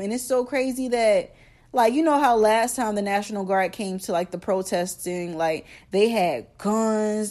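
Chatty young woman hosting a podcast. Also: mid-range voice. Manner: chatty, animated, slangy, addresses listeners directly. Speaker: podcast host. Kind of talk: casual solo podcast chat.

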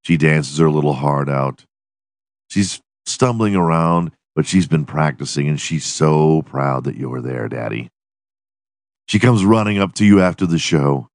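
A man's voice: extremely low pitch, a little slow, no echo, studio quality. A man hosting his podcast in a profane, rambling, giggly solo monologue. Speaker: podcast host.

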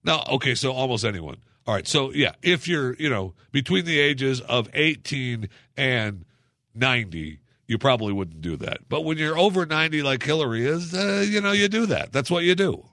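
A male radio host talks through a casual solo commentary, sarcastic and mocking, trailing off into fillers as he rambles. His voice sits at an ordinary middle pitch. The sound is close and dry, with no room around it. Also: expressive, normal speed, bright, forceful tone, no room sound.

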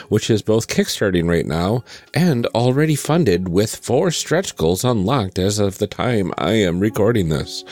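A man with a lowish, lively voice, worn a little by sickness, runs through show announcements with upbeat enthusiasm. Faint music plays behind him. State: sick voice. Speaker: podcast co-host. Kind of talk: announcements and casual chat.

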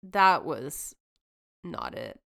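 Woman podcast co-host, expressive and clear-voiced, easygoing banter. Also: low-pitched. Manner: amused, quick to laugh along. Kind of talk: casual chat.

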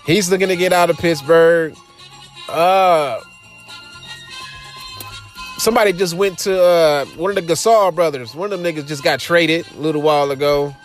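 A man's voice: on the high side, normal speed, pauses often, faint music behind. A young man with an African American Vernacular English accent, hosting a show in loose, profane casual commentary with laughing asides. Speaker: podcast host.

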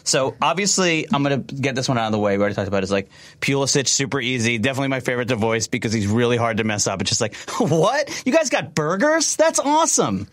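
Man chatting on a podcast, rambly, tangents, laughs a lot, mid pitch. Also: racing, few pauses, fairly bright tone. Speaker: voice actor guest. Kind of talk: casual podcast chat.

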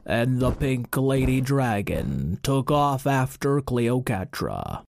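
Slow, deadpan male storyteller. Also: medium pitch, vocal fry, a little hiss or hum. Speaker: storyteller and host. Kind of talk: improvised kids' story narration.

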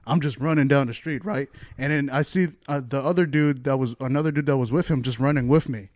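A man telling a story in casual chat, animated and swearing freely. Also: mid-range voice, fairly quick, dry recording, studio quality.

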